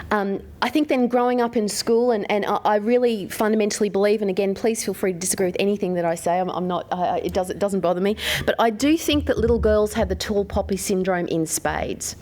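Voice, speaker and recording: A woman's voice: medium pitch, a little mellow. An Australian woman in her forties talks openly to a live audience about her own life. She is conversational and unpolished, with plenty of fillers, and often turns to the room with questions. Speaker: mentor speaking to an audience. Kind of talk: personal talk to a live audience.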